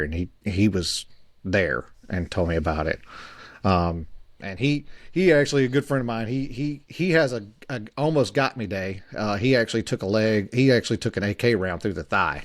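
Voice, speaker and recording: A man in his forties, a podcast co-host, telling a story in a halting way with many fillers and restarts. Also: lowish voice, animated, no echo, studio quality.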